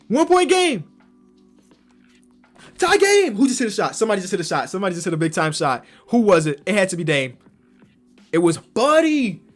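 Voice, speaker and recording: A young man giving slangy commentary on a basketball video game, swinging from low muttering to loud excited yelling. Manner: slangy, talks to himself about the game. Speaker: gaming YouTuber.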